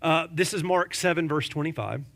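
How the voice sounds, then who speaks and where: Vocal fry colors this male pastor's fairly high voice as he preaches at normal speed. He stays lively and chatty, throwing rhetorical questions and jokes at his congregation.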